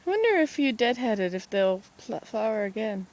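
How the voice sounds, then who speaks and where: A woman's voice: on the high side, very animated, a little fast, a little mellow. A woman vlogging casually from home and garden, chatting in a meandering way to the camera and to herself. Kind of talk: casual rambling vlog.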